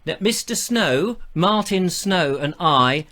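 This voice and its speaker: A man's voice: high voice, expressive, slow pace, pushed and bright. A man hosting a live show in a chatty, jokey, self-mocking way. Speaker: host.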